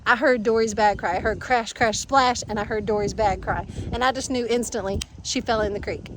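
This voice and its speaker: A woman, chatting casually and telling an animated story outdoors on her farm. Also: fairly high pitch, a little fast, a little hiss or hum. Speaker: farm vlogger.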